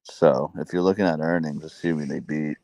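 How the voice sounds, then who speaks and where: A man with an extremely deep voice talks through a stock chart in a voice chat. He is brief and matter-of-fact, and the sound is dry. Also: steady tone, fairly quick, mellow, no room sound. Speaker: trader in a voice chat. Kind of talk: casual market discussion.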